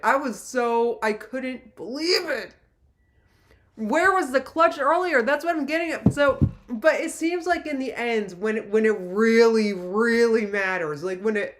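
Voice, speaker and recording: A woman chatting casually as a streamer, excitable and rambling, laughing often and breaking into shouted outbursts. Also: fairly high pitch. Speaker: streamer chatting with her chat. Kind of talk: casual chat.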